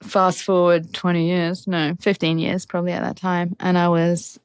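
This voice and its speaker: A woman's voice: on the low side, little pitch movement, moderate pace, smooth, no room sound, clean studio sound. A middle-aged English woman, a racing driver, candidly telling stories in a podcast interview and laughing often. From England.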